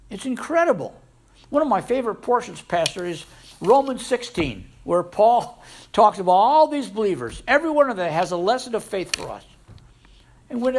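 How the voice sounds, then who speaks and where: Male pastor preaching a sermon, fairly high, gravelly voice with big swings in pitch. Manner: animated preaching, with sudden loud rises and soft drops.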